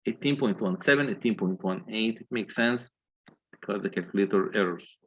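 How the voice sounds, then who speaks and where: Through dull audio comes a man's fairly low, somewhat bright voice with a breathy edge, at normal speed. He's lecturing on engineering, working methodically through calculations step by step and asking his students questions.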